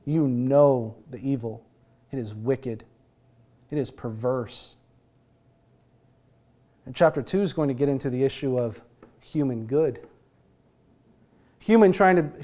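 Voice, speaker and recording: A man's voice: fairly high pitch, dark tone. A man with an American accent preaching a conversational sermon as pastor, asking rhetorical questions and chuckling now and then.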